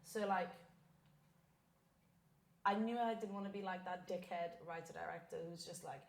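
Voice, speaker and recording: A woman chatting as a guest writer-director, blunt and sweary, with quick asides. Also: on the low side, fairly even intonation. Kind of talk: casual podcast chat. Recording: echoey room with faint noise.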